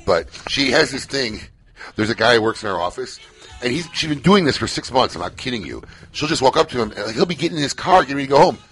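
A man co-hosts a live radio chat show from the studio and tells stories with big swings in pitch. His voice is bright and forward, and soft music plays under him. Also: fast. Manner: animated storyteller, acts out shouting bits.

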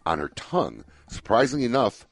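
A man's voice: mid-range voice, wildly swooping pitch, brisk, vocal fry, breathy edge, no echo, faint music behind. A man co-hosting a talk radio show in a studio, animatedly telling stories and reading news items with asides. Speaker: radio co-host. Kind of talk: casual talk radio banter.

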